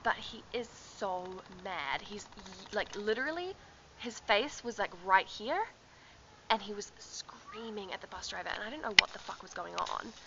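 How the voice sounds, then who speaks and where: A woman's voice: mid-range voice, lively intonation, normal speed, muffled recording, background noise. A young woman telling a travel story to her camera in a chatty vlog, laughing often and filling with ums and likes. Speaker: travel vlogger. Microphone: handheld camera.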